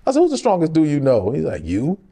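Animated, gravelly man telling stories. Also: fairly high pitch, quick pace. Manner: animated, acts out quoted voices, laughs often. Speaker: actor being interviewed. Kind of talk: candid conversational storytelling.

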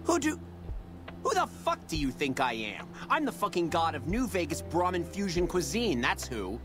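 A foul-mouthed arrogant celebrity chef. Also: male voice, fairly high pitch, sing-song, moderate pace. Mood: furious boasting. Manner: abusive, yelling, profane. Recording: game audio under background music.

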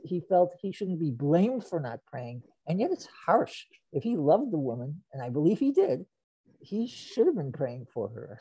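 A woman's voice: low-pitched, mellow, breathy edge, no room sound, poor audio. A woman taking part in a class discussion, speaking hesitantly with many restarts. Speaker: class participant.

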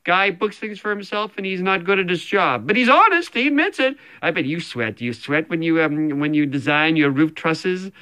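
A man's voice: fairly high pitch, normal speed, few pauses, fairly bright tone, clear, resonant tone. Rambling, stammering comic man. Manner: rambling, self-deprecating, full of stammers and restarts. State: sweaty after a run. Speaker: comedian recording a personal video message. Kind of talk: rambling improvised comic message.

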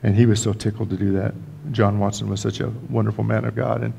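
A man's voice: lowish voice, flat delivery, fast, vocal fry, warm tone, slightly rough, dull audio. An older man preaching as a pastor, telling stories in a folksy way with joking asides and frequent restarts. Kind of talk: storytelling sermon. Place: church sanctuary.

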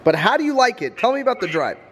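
A man's voice: extremely high pitch, sing-song, fast talker, fairly bright tone, slightly rough. A man chatting casually to viewers in a vlog, teasing and laughing often. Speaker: vlogger.

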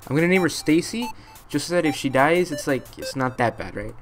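Excitable goofy man gaming over music. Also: fairly high pitch, fairly quick. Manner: excitable, goofy, self-mocking. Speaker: let's play host. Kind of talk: gameplay commentary. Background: game music.

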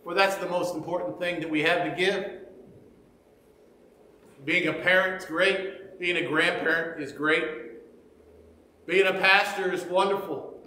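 Earnest high-voiced male pastor preaching. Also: fairly even intonation, a little slow, pauses often, sharp tone, roomy sound, in a large hall, slight background noise, poor audio. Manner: earnest preaching, retelling scripture with quoted dialogue. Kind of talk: sermon.

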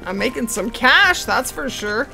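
A woman giving game commentary for her channel, explaining things calmly and then squealing and laughing when the action heats up. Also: on the high side, measured pace, vocal fry, faint music behind. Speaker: gaming YouTuber.

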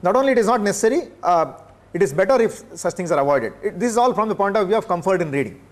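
Measured older professor, high voice. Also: male voice, animated. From India. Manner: measured, pausing often with filler sounds. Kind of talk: classroom lecture. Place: lecture room.

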